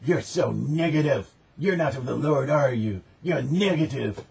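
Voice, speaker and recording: A man's voice: medium pitch, expressive, a little slow, gravelly, darkish tone, recorded from a distance. A man imitating an overly cheerful, pious man who is preachy and judgmental, in a sing-song, falsely upbeat way. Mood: reproachful.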